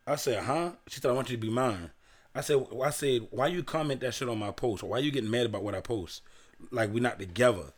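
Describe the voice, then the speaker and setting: A man on a casual podcast, retelling a dating story in a blunt, profane, deadpan way with lots of restarts. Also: mid-range voice, brisk. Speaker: podcast co-host telling a story.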